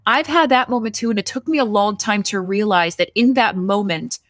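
Woman, podcast co-host; lively storyteller who acts out the dialogue; dry close mic. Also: mid-range voice, a little fast, no echo. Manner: animated, acts out quoted dialogue. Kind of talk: casual storytelling chat.

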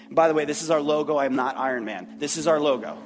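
A man preaching a sermon as pastor, earnest, often repeating words and pausing. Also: on the high side, long reverb tail. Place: church sanctuary.

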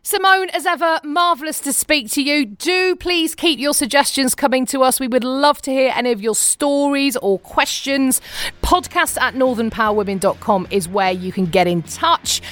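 A woman's voice: moderate pace, dry recording. A woman co-hosting a podcast in bubbly, casual chat, laughing often. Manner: bubbly, laughs often, lively swings in pitch. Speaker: podcast co-host.

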